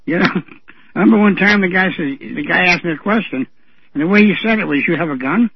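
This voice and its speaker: A man with a fairly high, husky voice telling stories on a radio show. He chats loosely and acts out other people's lines as he goes. The sound is dry and muffled, like radio audio. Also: brisk. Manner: chatty storyteller, acting out the voices of people he quotes. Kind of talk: casual radio talk.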